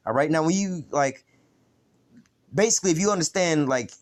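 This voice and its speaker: Male street preacher, informal bible lesson, rambling and profane, heavy on fillers, voice a bit high. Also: moderate pace.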